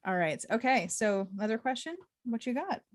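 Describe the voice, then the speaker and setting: A woman hosting a casual video chat, relaxed and playful, reading out viewer questions in a halting way. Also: fairly high pitch. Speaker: host.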